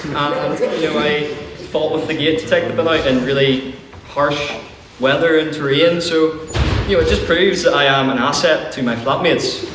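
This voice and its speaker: A man's voice: fairly high pitch, fairly even intonation, normal speed. A young man, presiding over a student debating society and fielding questions with jokey, self-deprecating puns. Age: young adult. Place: large lecture hall with an audience. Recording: echoey hall from far off, noisy.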